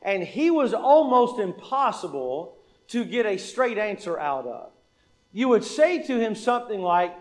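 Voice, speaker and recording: A man's voice: high voice, sing-song, unhurried. A man preaching a sermon, asking the congregation questions and answering them himself, and repeating lines for emphasis. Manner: acts out quoted dialogue in an anecdote.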